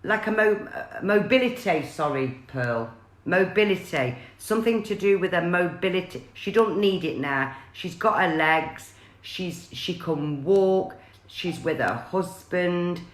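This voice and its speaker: A woman's voice: lowish voice, animated, measured pace, echoey room. A woman, chatting on a live stream as a psychic medium and passing on messages with many fillers and restarts.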